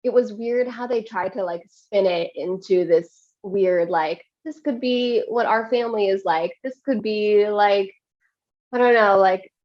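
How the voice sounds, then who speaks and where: A woman's voice: medium pitch, unhurried, highs cut off. A woman hosting a podcast, chatting casually with many fillers. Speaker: podcast host. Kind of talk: casual chat.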